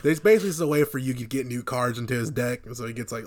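A man's voice: mid-range voice, very fast, slight background noise. Profane joking man recapping anime. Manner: profane, jokey, does mocking character voices. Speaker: podcast co-host. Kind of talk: casual crude anime recap chat.

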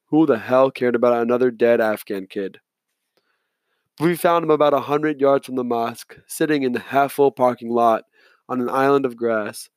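A man reading a novel aloud in measured, subdued first-person narration. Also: medium pitch, dry recording. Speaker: audiobook narrator.

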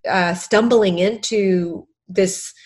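A woman's voice: medium pitch, fairly even intonation, very slow, a little mellow. A middle-aged woman, a podcast guest who is an author and former counselor, speaking earnestly and tearfully about faith, stressing and repeating her key phrases.

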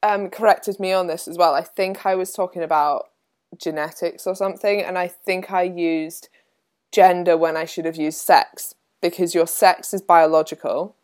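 A woman's voice: lowish voice, normal speed. A young adult woman co-hosting a casual podcast, telling stories in a chatty way with lots of "like". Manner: chatty, lots of "like", animated retelling. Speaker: podcast co-host. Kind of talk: casual chat, storytelling.

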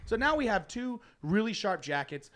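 A man telling a long story in casual chat, animated, laughing often and acting out his friends' lines. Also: sits high, normal speed.

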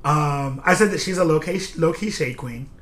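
Bright-voiced chatty man hosting a podcast. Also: fairly high pitch, moderate pace. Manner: chatty, playful, lots of fillers. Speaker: podcast host. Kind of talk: casual political chat.

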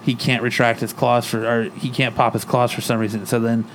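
A man's voice: mid-range voice, little pitch movement, brisk, slight background noise. A man co-hosting a podcast, casually retelling a comic book story and speaking the characters' lines in his own voice. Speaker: podcast co-host.

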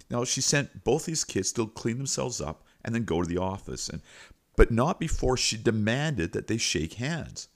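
A middle-aged man, a teacher hosting a podcast, retells a school anecdote in an animated, folksy way. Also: medium pitch. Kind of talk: storytelling anecdote.

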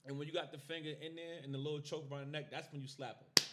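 A man's voice: fairly high pitch, steady tone, fast talker, heavy background noise. A young man co-hosting a podcast in casual chat, joking and boisterous, acting things out as he talks. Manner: joking, boisterous, demonstrates with gestures. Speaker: podcast co-host.

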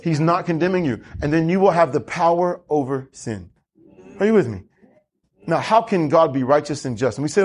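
A man preaching a lively sermon as pastor, asking the congregation questions and drawing answers back. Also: a little high, brisk, husky. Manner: animated preaching with congregation call-and-response.

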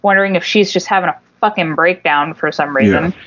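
A woman co-hosting a podcast, telling a story in a casual, animated and profane way, acting out the voices of the people in it. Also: on the low side, brisk, lo-fi sound, slight background noise. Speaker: podcast co-host.

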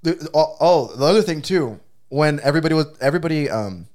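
A young man co-hosting a podcast, telling stories in casual chat, swearing freely and getting animated. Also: a little high, fast talker. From Mexico. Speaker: podcast co-host.

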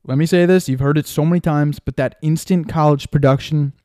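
A young man hosting a solo sports podcast, talking in a loose, excitable way and tossing in frequent "right?" and "man". His voice is warm and mellow, recorded close and dry with little room sound. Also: on the high side, fairly quick, dry recording. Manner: excitable, chatty, lots of fillers and "man", "right?". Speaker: podcast host.

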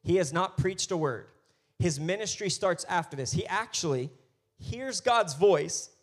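A male pastor preaching a sermon, acting out quoted voices and building to emphatic, loud declarations. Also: sits high, lively intonation, measured pace. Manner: acts out biblical voices in quoted lines.

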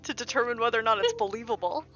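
A woman running a tabletop game as game master on a live stream, laid-back and quick to laugh. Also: on the high side, very animated, creaky, fairly bright tone, muffled recording, soft background music.

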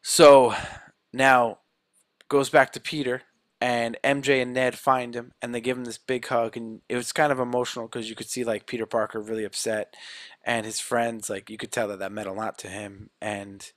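Casual male storyteller recapping a movie, mid-pitched voice, dry close sound. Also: normal speed, no room sound. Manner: animated storytelling, many "like"s.

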